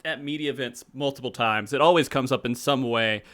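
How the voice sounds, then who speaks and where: A man on a podcast, talking in a relaxed, thoughtful way and often saying "like". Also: mid-range voice, brisk. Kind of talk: casual podcast chat.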